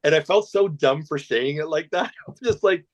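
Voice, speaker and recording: A man from Canada, a guest telling a long anecdote, rambling and animated, with lots of restarts. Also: on the high side, moderate pace. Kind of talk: storytelling anecdote.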